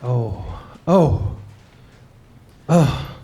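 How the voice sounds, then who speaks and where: A man's voice: medium pitch, expressive, extremely slow, mellow. A man giving a live literary reading in a bookshop room, with hesitant, self-deprecating asides. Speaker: reader. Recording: live reading over guitar music.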